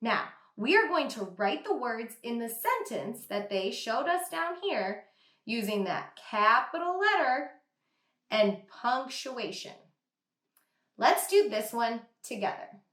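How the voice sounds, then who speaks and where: A woman teacher giving an online reading lesson to young children, sounding out words slowly and praising the class. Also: a little high, big pitch swings, a bit bright, reverberant. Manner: slow, exaggerated sounding out of words. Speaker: kindergarten teacher.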